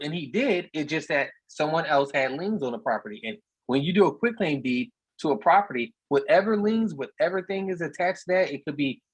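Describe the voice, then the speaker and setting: A plainspoken man with a slightly husky voice, telling stories in a casual, conversational way. His sound is dry and close, with little room around it. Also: fairly high pitch, fairly bright tone, no room sound, low-quality recording. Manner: storytelling, plainspoken, repeats words. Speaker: real estate investor speaker. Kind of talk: casual talk on a video meetup.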